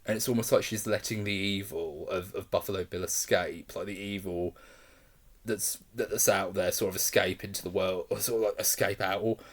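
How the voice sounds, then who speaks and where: Low-voiced man rambling through a film review. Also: fairly even intonation, moderate pace. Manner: enthusiastic and rambling, often laughing. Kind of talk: casual spoken film review.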